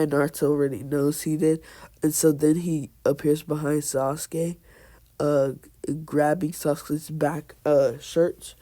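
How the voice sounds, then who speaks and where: Man narrating a fan tale, slow and mellow, hesitant and rambling. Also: on the high side. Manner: rambling, hesitant, strings events with "and so then". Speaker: fan storyteller. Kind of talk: casual retelling of a fan story.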